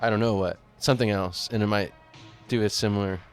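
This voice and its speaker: Relaxed male stream host, rambling. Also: lowish voice, brisk, soft background music. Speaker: host of a live-streamed talk show. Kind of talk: casual chat.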